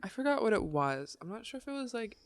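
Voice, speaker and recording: A woman's voice: fairly high pitch, sing-song, fast, no echo. A woman co-hosting a podcast in casual chat, talking loosely and trailing off mid-sentence. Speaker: podcast co-host.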